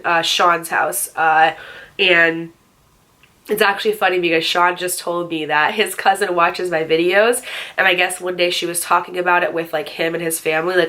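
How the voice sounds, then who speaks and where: Chatty young woman telling a story. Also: on the low side. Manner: chatty, heavy use of "like", animated asides to viewers. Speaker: YouTube storyteller. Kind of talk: casual storytime vlog.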